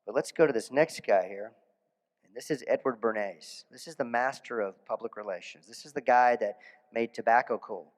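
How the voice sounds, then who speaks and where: A man, a dentist, giving a conference lecture in a casual storytelling way, animated, with restarts and asides. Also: medium pitch, normal speed, in a large hall. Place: conference hall.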